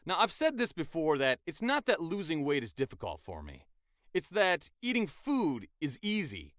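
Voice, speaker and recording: A man's voice: on the high side, huge pitch swings, normal speed, fairly bright tone, no room sound, clean studio sound. A man in his twenties, a voice actor, chatting enthusiastically in a casual vlog. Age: 20s.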